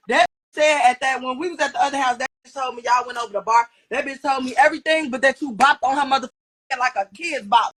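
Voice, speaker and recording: A woman speaking in a reality show confessional, loud, profane and excitable. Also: high voice, fast. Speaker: reality show cast member. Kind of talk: confessional interview.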